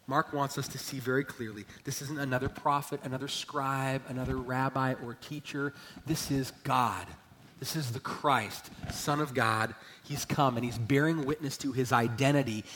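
A man preaching a sermon as a pastor, emphatic, swelling loud and then dropping low. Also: slight background noise. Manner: emphatic preaching, rising and falling in volume. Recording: long church hall reverb.

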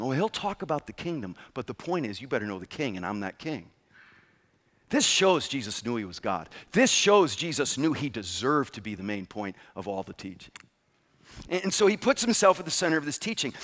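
A man delivering a sermon in a lively, sing-song way, his voice rising and falling widely. He sits a little high and presses each point home with rhetorical questions. A long reverb trails each phrase through the large room. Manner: animated, emphatic, asks rhetorical questions. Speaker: pastor.

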